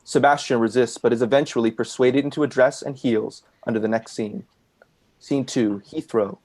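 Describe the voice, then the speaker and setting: A man reading stage directions in a live play reading over a video call, in a plain, even manner. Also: medium pitch, moderate pace.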